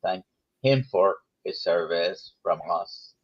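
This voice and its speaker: Male host, slow and halting with pauses, lowish voice, dull muffled recording. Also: expressive. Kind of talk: casual interview chat.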